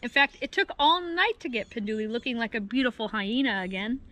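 A woman reading a picture book aloud for children with expressive storytelling. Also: a little high, brisk.

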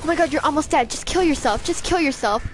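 A young female streamer talks through her gameplay in a high, bright voice. She swears freely and snaps back at the enemies on screen. A light hiss of noise sits under the recording. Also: fast talker. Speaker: game streamer. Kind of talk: live gameplay commentary.

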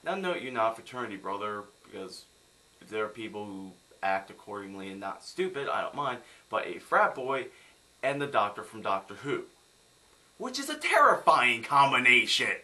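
A man's voice: on the low side, animated, a little fast, bright, forceful tone. A young man from the United States ranting sarcastically in a film review vlog.

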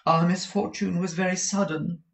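A man voicing a grieving young woman in mourning, speaking softly and with restraint in a storybook reading. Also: high voice, steady tone, normal speed, gravelly, distant mic, pitched above the performer's own voice. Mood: sorrowful.

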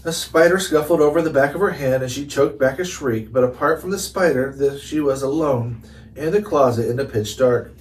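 A man's voice: medium pitch, moderate pace. Man reading a storybook aloud. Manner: relaxed, chatty recaps between reading. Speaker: reader. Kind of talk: reading a chapter book aloud. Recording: distant mic with faint noise.

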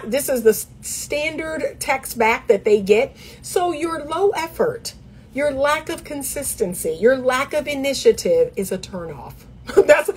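A middle-aged woman, a dating coach, giving emphatic, sassy dating advice straight to camera, laughing often and mimicking others in a high voice. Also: slight background noise.

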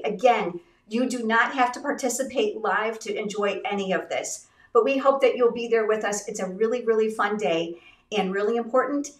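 A middle-aged woman from the United States hosting a craft livestream giveaway, upbeat and chatty, congested and a little raspy from illness. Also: fairly high pitch, reverberant, far from the mic. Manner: upbeat, chatty, addresses viewers directly. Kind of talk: live-stream product giveaway chat.

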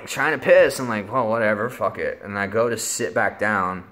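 A man's voice: lowish voice, moderate pace, a bit bright. A young man casually telling a rambling story, full of filler words and swearing. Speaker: vlogger.

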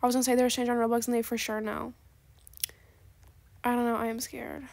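A woman giving chatty, sarcastic commentary over a trading game, gushing with gasps and dropping into soft asides. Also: on the high side, steady tone, fairly quick, vocal fry. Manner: chatty, calls viewers "besties". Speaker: gaming video creator. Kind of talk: casual gameplay commentary.

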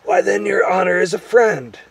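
Tiny terrified gnome guy, squeaky and whimpery, way up high and loud. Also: moderate pace, gravelly, distant mic, crowd noise. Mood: astonished. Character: cowering little male gnome captive, squealing and frightened.

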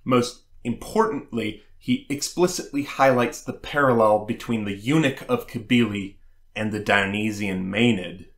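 A man hosting a scripted history lecture, reading in a measured, scholarly way with occasional fillers. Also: medium pitch, fairly bright tone. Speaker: host. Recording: roomy echo.

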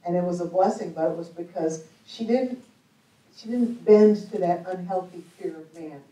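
A woman's voice: on the low side, moderate pace, dark tone. Chatty woman preaching in an echoey hall. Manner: chatty, humorous, laughs often. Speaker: speaker at a church conference. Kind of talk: storytelling sermon talk. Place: church hall. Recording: echoey hall, mic at a distance.

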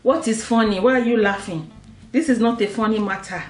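A woman's voice: on the high side, brisk, reverberant, recorded from a distance, soft background music. A young Nigerian woman with a Nigerian accent, joking and teasing through a comic vlog monologue full of rhetorical questions. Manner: animated, teasing, rhetorical questions, laughs often. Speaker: comedy vlogger.

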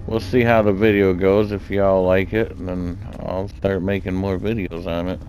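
Laid-back low-voiced gamer man. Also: little pitch movement, normal speed, darkish tone. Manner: chatty, laid-back, thinking aloud. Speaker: gaming channel host. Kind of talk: casual gameplay commentary. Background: game music.

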